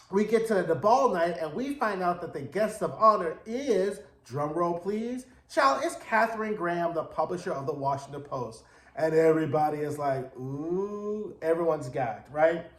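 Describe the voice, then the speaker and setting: A man's voice: sits high, reverberant. A man giving a casual, slangy recap of a TV episode, telling it with sass and drama. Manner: sassy, slangy, dramatic storytelling. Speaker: TV recap reviewer.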